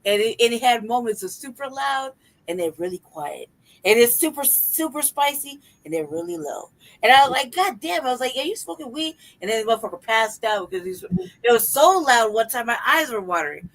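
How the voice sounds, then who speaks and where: Her voice sits a little high and moves briskly, though the sound is poor. This young woman co-hosts a podcast, sharing animated, profanity-laced stories in casual banter punctuated by plenty of laughs.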